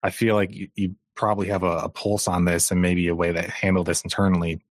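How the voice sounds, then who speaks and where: A man co-hosting a podcast, asking questions in a measured, deliberate way. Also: low voice, little pitch movement, no echo, studio quality. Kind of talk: podcast interview.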